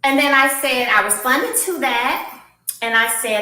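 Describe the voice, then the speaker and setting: A woman chats casually with her viewers in a vlog, reacting to a castmate by reading messages aloud, emphatic and repeating her points. Her fairly high voice runs a little fast, bright and forceful, picked up off-mic in an echoey room.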